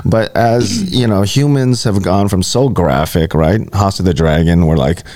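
A man's voice: low-pitched, measured pace, crowd noise. A man hosting a podcast in casual chat, ranting sardonically with plenty of swearing. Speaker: podcast host.

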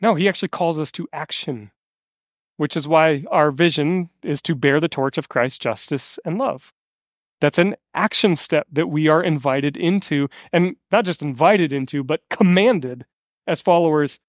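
A man's voice: fairly high pitch, dry recording, studio quality. A male pastor preaching a sermon in a conversational way, telling stories and asking the congregation questions.

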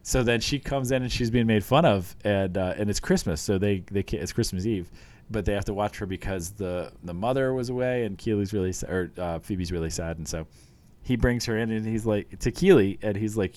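A man's voice: fairly low pitch, brisk, darkish tone. A man in casual chat, retelling scenes from a show with eager, rambling enthusiasm.

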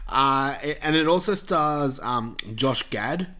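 A man's voice: medium pitch, lively intonation, slow pace, pushed and bright. A man hosting a podcast, chatting casually about films with blunt, sweary opinions. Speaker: podcast host reviewing films. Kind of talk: casual chat.

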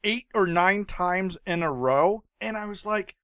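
A man's voice: high voice, lively intonation, unhurried, hardly any pauses, a bit bright, clean tone, dry recording. A man co-hosting a podcast, giving wry, sarcastic commentary on a movie in casual chat. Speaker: podcast co-host.

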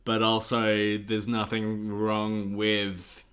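A man co-hosting a relaxed podcast chat. He cracks puns, teases his co-host and laughs easily as he talks. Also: on the low side, drawn-out words, clean tone. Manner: jokey, punning, laughs often. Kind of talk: casual chat.

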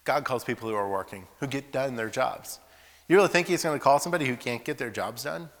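A man preaching to young people, telling lively stories and asking rhetorical questions. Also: mid-range voice, fast talker. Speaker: preacher at a youth school and camp. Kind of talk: sermon with acted voices. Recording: echoey hall reverb.

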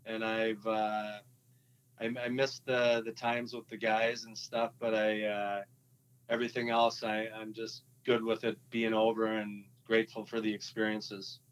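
A man, a former hockey player, telling his story in a relaxed interview, halting with many fillers and restarts, with a Minnesotan accent. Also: on the low side, a little hiss or hum, low-quality recording.

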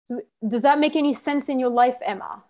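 A woman's voice: sits high, brisk, darkish tone. A woman leading a workshop as coach, giving short, blunt, profane orders. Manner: commanding, gives short orders.

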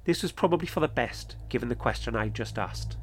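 A man telling a first-person ghost-hunting story as podcast host, in a measured, steady delivery. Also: mid-range voice, slight background noise.

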